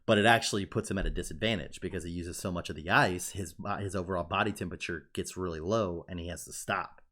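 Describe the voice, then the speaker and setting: A man casually retelling a story on a podcast, excitable and profane, full of "like" and swearing. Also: deep voice, quick pace. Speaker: podcast co-host. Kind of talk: casual chat, retelling an anime plot.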